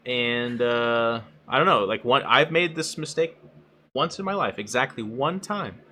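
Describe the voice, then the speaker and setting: Host, lively bright male voice, does quick voices for anecdotes, faint hiss behind. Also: medium pitch. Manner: animated, mimics others in quoted voices. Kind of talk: casual podcast chat.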